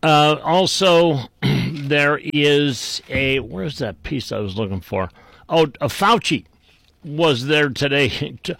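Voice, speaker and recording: Man, talk radio host, unhurried drawl, rambling asides, dry studio mic. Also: medium pitch, gravelly, fairly bright tone, dry recording. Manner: rambling, irreverent, many fillers and restarts. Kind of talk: casual talk radio monologue.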